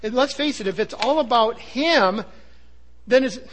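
A man preaching a sermon, earnest and emphatic, sometimes dropping to a low hush. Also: a little slow, a little hiss or hum. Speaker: pastor.

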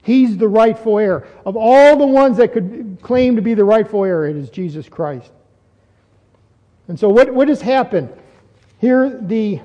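A male preacher delivers an expository sermon, earnestly driving points home by repeating phrases. His voice sits high and mellow. A long reverb trails each phrase, as in a church sanctuary. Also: lively intonation, measured pace. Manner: earnest, repeats phrases for emphasis, rises when stressing points.

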